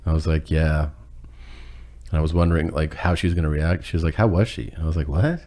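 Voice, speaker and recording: A man's voice: very deep voice, monotone, fast talker, a little mellow. A man telling a rambling, self-deprecating story in casual chat, acting out what people said and laughing as he goes.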